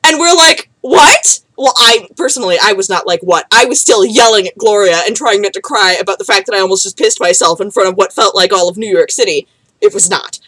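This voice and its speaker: A woman's voice: mid-range voice, quick pace, bright, forceful tone, dry recording, poor audio. Rambling young woman, dry close sound. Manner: rambling, swears often, many fillers. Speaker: vlogger. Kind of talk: casual storytelling.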